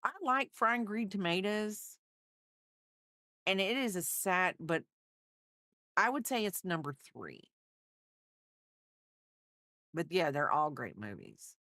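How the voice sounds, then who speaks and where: A woman's voice: on the low side, big pitch swings, takes it slowly, long pauses, bright, forceful tone, no room sound, clean studio sound. A woman crochet streamer in a rambling, chatty livestream, talking to her viewers. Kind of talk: casual livestream chat.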